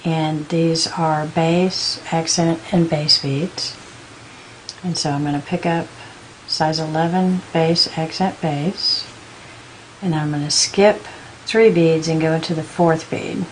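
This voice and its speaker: Lowish woman voice walking thru a beading tutorial, slow patient counting, little bit of background hiss. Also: steady tone, poor audio. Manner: patient, counts beads aloud in slow steps. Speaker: beading instructor. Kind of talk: step-by-step craft tutorial.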